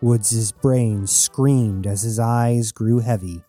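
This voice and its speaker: Dark-voiced male audiobook narrator. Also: lowish voice, soft background music. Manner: steady, measured storytelling.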